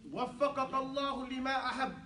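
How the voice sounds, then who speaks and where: A man's voice: very high-pitched, little pitch movement, rapid-fire, sharp tone. A man teaching an Arabic class, playful and joking as he drills the students on phrases. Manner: playful, joking, switching between English and Arabic. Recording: echoey room, voice from a distance.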